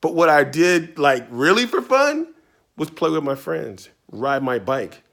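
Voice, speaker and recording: A man's voice: on the high side, very animated, a little slow, vocal fry, fairly bright tone. A man from Virginia answering reader questions in a casual, playful, chatty way from his writing studio. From Tidewater Virginia, US. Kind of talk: casual video Q&A.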